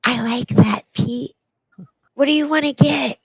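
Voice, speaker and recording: A woman playing a tabletop game in character, soft, hesitant and playful. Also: high voice, measured pace, breathy edge, dry recording, poor audio. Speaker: player. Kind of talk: in-character tabletop role-play.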